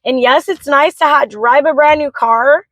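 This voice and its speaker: A woman's voice: high voice, moderate pace, fairly bright tone, no room sound, poor audio. A young woman and mother venting in an emotional vlog, talking frankly with plenty of swearing. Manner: vents in a frank, swearing rush. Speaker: vlogger, mother of three.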